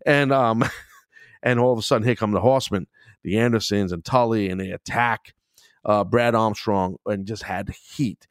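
A middle-aged man hosting his own podcast in casual solo chat, rambling, swearing and getting excited as he goes. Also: fairly low pitch, normal speed, no room sound, studio quality. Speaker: podcast host.

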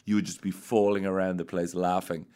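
Irish comedian guest, lowish voice, dry self-deprecating delivery. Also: male voice, flat delivery, a little fast, warm tone. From Ireland. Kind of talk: casual comedic chat.

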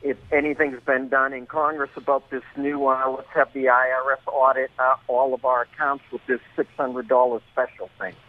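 A man's voice: mid-range voice, level tone, moderate pace, few pauses, no echo. A man calling in to a radio show, speaking hesitantly with stammers, heard over a phone line. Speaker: caller. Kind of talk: call-in radio.

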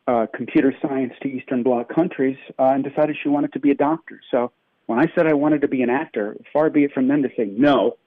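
A man who grew up in New York, an actor being interviewed, joking about himself and halting with fillers. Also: mid-range voice, no echo. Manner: self-deprecating, joking, halting with many fillers. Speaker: actor guest. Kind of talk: casual interview chat. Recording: tinny phone-line sound.

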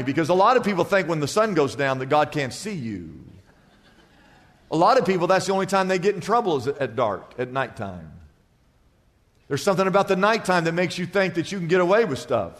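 A male pastor delivers a sermon, mixing scripture with jokes and stories and asking the crowd for amens. His voice sits high for a man. The sound carries a long hall reverb. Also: big pitch swings, brisk, fairly bright tone. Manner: humorous storytelling preacher, asks the congregation for amens.

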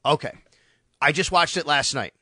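Bright-voiced man hosting sports talk. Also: on the high side, normal speed, no echo, studio quality. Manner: animated storytelling, acts out quotes. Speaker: sports radio host.

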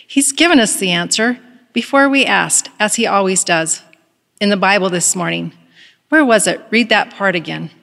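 A woman's voice: mid-range voice, normal speed, vocal fry, a bit bright, big-room sound. A woman voicing a hopeful, devout woman prisoner who speaks eagerly and serenely.

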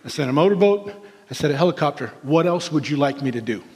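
Guy playing god, deeper and matter-of-fact, patient, echoey hall. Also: expressive, fast talker, darkish tone, natural voice. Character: calm patient God, deep and even.

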